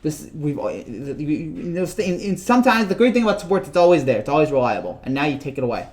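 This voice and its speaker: Male sports vlogger with a high voice, rambling and jokey, casual rant. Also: very animated, fairly quick, a little mellow. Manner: rambling, joking, repeats himself.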